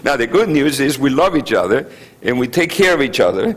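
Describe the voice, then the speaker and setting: A man giving a public lecture to a community group, chatty and animated, often tossing out rhetorical questions. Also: mid-range voice, brisk, rough recording. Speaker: guest speaker. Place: community meeting room.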